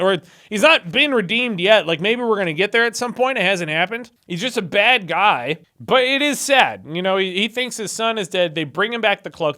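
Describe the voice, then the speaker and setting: A man's voice: fairly high pitch, fairly bright tone. A young man hosting a video, casually retelling Bible stories with irreverent, sarcastic asides. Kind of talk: casual commentary.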